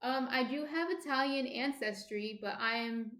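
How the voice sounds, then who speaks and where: A woman's voice: sits high, measured pace, a bit bright. Chatty New Jersey woman, echoey room. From New Jersey, USA. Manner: chatty, answers viewer comments. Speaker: baking livestream host. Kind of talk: casual live-stream chat.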